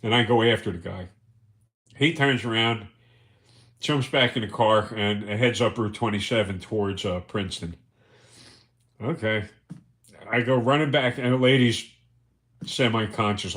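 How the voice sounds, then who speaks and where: A man's voice: lowish voice, moderate pace, long pauses, fairly bright tone. A man hosting a livestream, telling rambling, profane anecdotes and chuckling as he goes. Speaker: livestream host. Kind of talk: casual storytelling.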